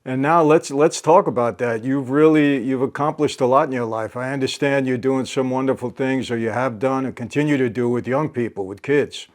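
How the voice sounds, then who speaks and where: Older male host, halting conversational delivery with frequent fillers; easy middle pitch. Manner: halting, many fillers and restarts. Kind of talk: casual interview conversation.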